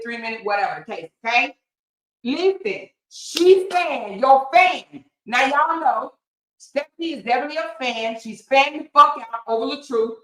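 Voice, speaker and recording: A woman hosting a casual gossip livestream, loud and animated, cussing freely and acting out the quotes she reads. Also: a little high, reverberant, poor audio. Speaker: gossip channel host.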